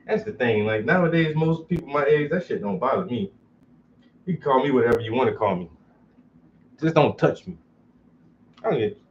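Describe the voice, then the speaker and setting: A man's voice: mid-range voice, a little hiss or hum. A man hosting a casual chat, talking bluntly and profanely and laughing often. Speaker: host. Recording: dull, muffled recording.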